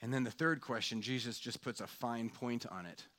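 A man preaching a sermon as pastor, slow and reflective, often dropping to a hushed tone on questions. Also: medium pitch.

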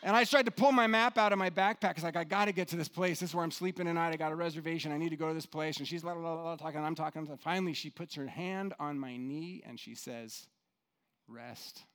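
A man preaching a sermon, telling a story with lively acted-out quotes and dropping to hushed tones for emphasis. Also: a little high, fast, hardly any pauses. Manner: animated storyteller, acts out quotes, drops to soft hushed tones. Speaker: pastor.

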